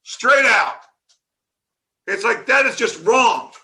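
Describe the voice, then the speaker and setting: A man giving a conference security talk, animated and sarcastic, ranting at the audience from the stage. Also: very high voice, slow. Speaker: conference speaker.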